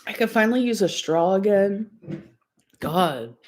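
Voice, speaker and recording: A woman's voice: medium pitch, lively intonation, unhurried, darkish tone. A young woman chatting casually on a livestream, rambling and giggling, full of "like" and "um".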